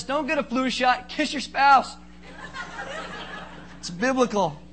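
A male pastor delivering a lively, joking sermon in a high, bright, forceful voice. He acts out quick comic asides between points. A faint noise sits under the recording. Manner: joking, animated preaching with acted-out asides.

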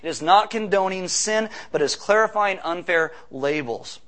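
A man preaching a sermon as pastor, conversational, with quick asides and rhetorical questions. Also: high-pitched, lively intonation, fairly bright tone.

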